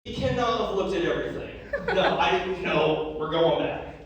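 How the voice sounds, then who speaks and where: A man's voice: on the high side, lively intonation, moderate pace, muffled recording. A man doing a loose, profane stand-up comedy routine and laughing at his own jokes, recorded from a distance in an echoey room.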